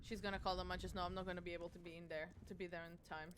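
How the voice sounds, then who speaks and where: A woman's voice: on the low side, flat delivery, very fast, noisy background. A woman streaming a video game, chatting casually and talking back to the characters on screen in a self-mocking way. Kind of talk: casual gameplay commentary.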